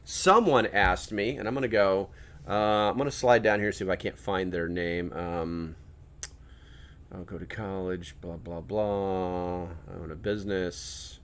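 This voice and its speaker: A man's voice: deep voice, fairly even intonation, unhurried, fairly bright tone. A man hosting his own channel, talking casually in a rambling, sarcastic way with many restarts. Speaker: channel host. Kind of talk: casual vlog commentary.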